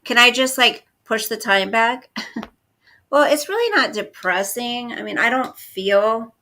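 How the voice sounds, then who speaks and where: A woman's voice: a little high, expressive, a little slow, sharp tone, slight background noise. A woman in her fifties chatting casually on a livestream, reading and answering viewer comments. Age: 50s. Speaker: livestream host.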